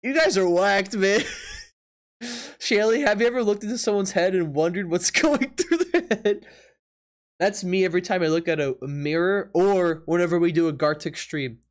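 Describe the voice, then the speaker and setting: A man's voice: sits high, moderate pace. A man streaming live from his apartment, chatting casually with viewers, laughing often and reacting in disbelief while teasing his chat.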